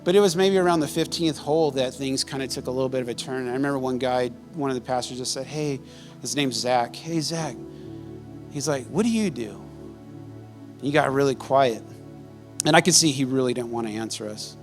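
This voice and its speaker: A man's voice: medium pitch, fairly quick, music in the background. A man preaching a sermon as pastor, telling stories conversationally and laughing often.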